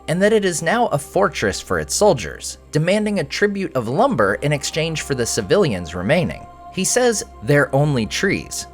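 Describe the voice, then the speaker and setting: A man hosting a show breaking down a TV episode, with wry joking asides. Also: mid-range voice. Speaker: host.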